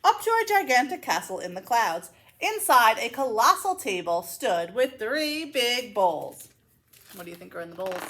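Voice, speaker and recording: A woman librarian reading a children's picture book aloud, expressive and playful, with asides to young listeners. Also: fairly high pitch, moderate pace. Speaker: school librarian.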